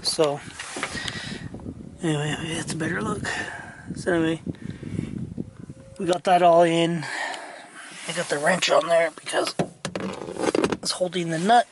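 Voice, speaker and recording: A middle-aged man giving a rambling, casual walkthrough of his truck restoration inside the cab, his throat dry so he keeps clearing it, with many fillers and restarts. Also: fairly high pitch, fairly even intonation, unhurried, long pauses, background noise. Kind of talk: casual work-in-progress walkthrough.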